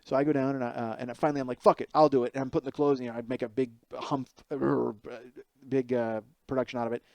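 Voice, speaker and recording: A man in his forties tells a comic story on his own podcast, rambling and swearing freely as he pokes fun at himself. His voice sits at a mid pitch. He speaks into a headset mic, and the sound is dry and close, with no room echo. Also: flat delivery, fast talker, gravelly, mellow. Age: 40s. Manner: rambling, profane, self-deprecating. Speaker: comedian podcast host.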